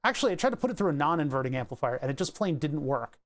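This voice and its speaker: A man with a slightly higher voice, chatting casually on a live stream. He reads short excerpts aloud and muses over them as he goes, dropping in the odd casual swear. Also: sing-song, rapid-fire. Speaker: livestreamer. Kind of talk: casual livestream chat, reading aloud.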